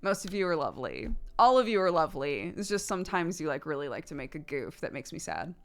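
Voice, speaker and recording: A woman streamer casually answering chat questions, animated, laughing often and swearing freely. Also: sits low, fast talker.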